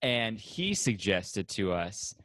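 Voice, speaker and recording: A man's voice: lowish voice, sing-song, slow pace, sharp tone, dry recording. A man hosting a casual podcast from home, chatting, laughing often and running through the show's plugs. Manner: laughs often while plugging the show. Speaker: podcast host. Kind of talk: casual chat and show plugs.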